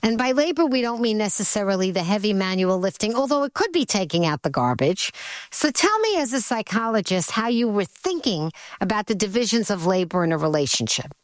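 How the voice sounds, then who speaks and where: A chatty woman hosting a radio talk show, her voice at a middle pitch and close on a dry studio mic. She talks in a loose, conversational way, full of quick asides. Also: very animated, no room sound.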